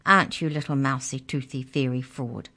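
A woman's voice: rumbling low, steady tone, moderate pace, bright, forceful tone, heavily acted. A woman voicing a bossy, scornful young girl who bargains and schemes. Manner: pushy, scornful.

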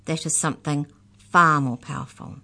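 A woman reading aloud voices a powerful, knowing male dog who speaks slowly and with scorn. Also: deep voice, steady tone, creaky, sharp tone, full character voice. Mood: scornful.

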